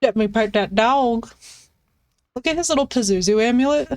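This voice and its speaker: A woman's voice: fairly high pitch, lively intonation, moderate pace, a little mellow. A woman streaming a game live, chatting playfully with her viewers and cooing at her dog. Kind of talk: casual live-stream chat. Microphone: headset.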